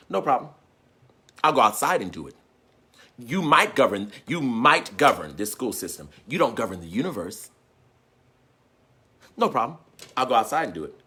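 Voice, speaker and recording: Fiery husky-voiced man preaching. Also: mid-range voice. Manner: call-and-response, repeated refrains, swings into shouting. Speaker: teacher and preacher. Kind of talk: impassioned sermon.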